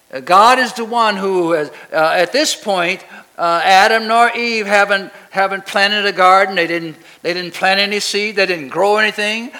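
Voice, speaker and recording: The low-quality recording captures a man preaching in a high, pushed and bright voice. He repeatedly prompts the congregation to finish his sentences and works up to emphatic declarations.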